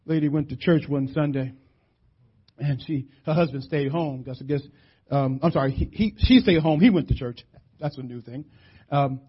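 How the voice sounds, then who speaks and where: A middle-aged man from West Philadelphia preaching a sermon, animated and storytelling, shouting for emphasis. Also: a little high, husky. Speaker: pastor. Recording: muffled lo-fi church audio.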